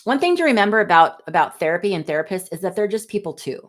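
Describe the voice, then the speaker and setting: Chatty and apologetic, this fiftysomething woman hosts a laid-back livestream, reading out viewers' comments with quick asides along the way. Her voice is mid-range and animated.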